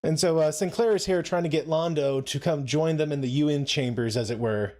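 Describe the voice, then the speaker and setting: Chatty, laughing man with a higher voice. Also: brisk, darkish tone. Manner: chatty, laughs often, playful asides. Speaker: co-host of a show watch-along. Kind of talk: casual live commentary.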